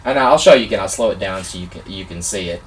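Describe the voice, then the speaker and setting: A man vlogger telling a personal story in a casual, excitable, animated way, gushing like a fan. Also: low voice, quick pace, far from the mic, a little hiss or hum.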